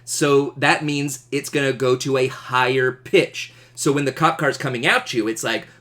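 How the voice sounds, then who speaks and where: A man teaching an astronomy class, animated and jokey, asking questions. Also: mid-range voice, moderate pace. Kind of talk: classroom lecture.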